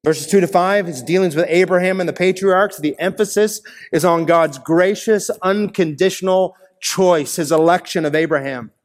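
A man's voice: sits high, normal speed, hardly any pauses. A man preaching a sermon as pastor, earnest and building to emphatic peaks. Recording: long reverb of a large hall.

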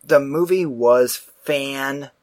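Profane, animated man telling a story. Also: mid-range voice, slow, dry recording. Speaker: podcast host. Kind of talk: casual storytelling chat.

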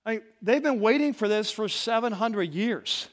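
Male pastor, high voice, casual conversational sermon, reads scripture and explains it. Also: lively intonation, moderate pace. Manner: casual, conversational preaching with fillers and asides; reads scripture verses aloud and explains them.

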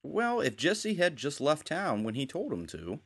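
A man's voice: a little high, wildly swooping pitch, unhurried, a bit bright, breathy edge. A man co-hosting a casual chat, rambling as he retells scenes and quotes the characters. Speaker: podcast co-host.

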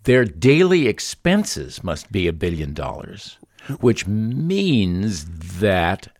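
Male radio comedy co-host, low voice, animated and stammering, dry studio sound. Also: slow pace, dry recording. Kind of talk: improvised comedy sketch.

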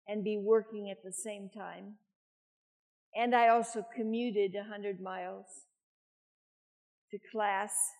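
A woman's voice: mid-range voice, fairly even intonation, slow pace, long pauses, a little mellow. An older woman preaching a sermon, chatty, with self-deprecating asides.

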